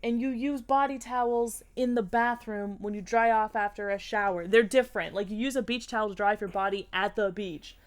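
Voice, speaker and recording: A woman's voice: mid-range voice, steady tone, brisk, hardly any pauses. A young woman co-hosting a casual podcast chat, ranting emphatically and filling her talk with "like.". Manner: emphatic, ranting, heavy use of "like". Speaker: podcast co-host.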